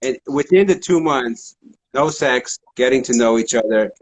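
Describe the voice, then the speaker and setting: A man's voice: medium pitch, animated, moderate pace, slight background noise, rough recording. A man on a podcast in casual chat, hesitant and full of fillers as he tells a story.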